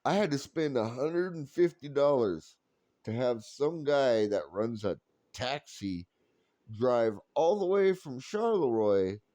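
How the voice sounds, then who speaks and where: A man's voice: mid-range voice, lively intonation, slow pace, dark tone, dry recording. A young man telling a rambling, profane story full of fillers and restarts. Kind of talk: casual storytelling.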